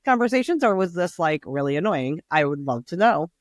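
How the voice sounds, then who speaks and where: A woman's voice: on the low side, sing-song, brisk, dry recording. Chatty woman podcast co-host, dry sound. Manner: chatty, rambling, laughs often. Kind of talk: casual chat.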